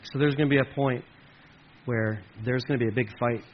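A man's voice: medium pitch, steady tone, fairly quick. A man preaching a sermon in a conversational way, with jokey asides to his listeners. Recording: slightly muffled with faint hiss.

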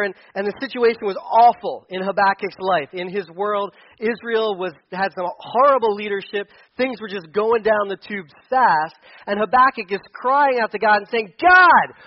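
A male pastor preaching a sermon in a conversational way, with many restarts, his voice rising when he quotes. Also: high voice. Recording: dull radio broadcast audio.

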